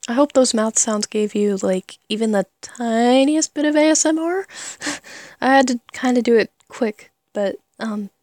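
A woman's voice: fairly high pitch, unhurried, a little mellow, no echo. A woman talking casually in an ASMR eating clip, giggly and hesitant with many fillers. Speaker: ASMR creator.

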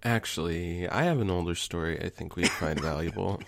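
Gravelly deep-voiced man telling a confession. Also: moderate pace, very noisy. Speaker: support group member. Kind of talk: comedy sketch, deadpan storytelling.

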